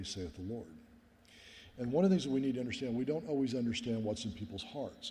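A man's voice: on the low side, mellow. A middle-aged man, a pastor, giving a sermon as an earnest personal story and often calling his listeners "guys.". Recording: long hall reverb.

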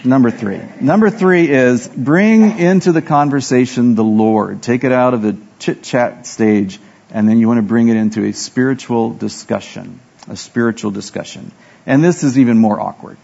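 Gravelly man preaching a sermon. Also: medium pitch, moderate pace, a little mellow, lo-fi sound. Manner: self-deprecating storytelling, acts out dialogue. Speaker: pastor.

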